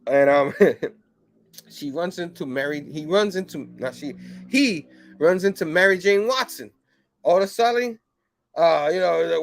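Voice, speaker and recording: A man hosting a casual comic review show, rambling with lots of fillers and breaking into animated quoted bits. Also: fairly high pitch, measured pace, slight background noise. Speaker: comic book show host.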